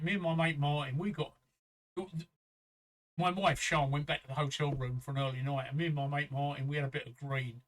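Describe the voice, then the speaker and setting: Older English man, co-host, high bright voice, spins a rough pub yarn. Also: rough recording. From England. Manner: chatty storyteller, swears freely, acts out quoted voices. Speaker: livestream co-host. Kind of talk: casual chat, telling an anecdote.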